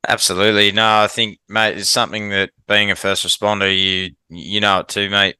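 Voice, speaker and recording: A man's voice: fairly low pitch, little pitch movement, brisk, bright, forceful tone, clear, resonant tone, no echo. An Australian man hosting a podcast, asking questions enthusiastically and saying "mate" a lot. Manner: enthusiastic, says "mate" often. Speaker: podcast host, firefighter. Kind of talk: casual podcast interview.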